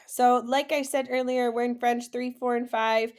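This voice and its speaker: A woman French teacher leading a classroom-style lesson, saying words slowly for students to repeat and praising their answers. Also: a little high, little pitch movement, a little mellow, clean tone. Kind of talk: classroom lesson, slow model pronunciation.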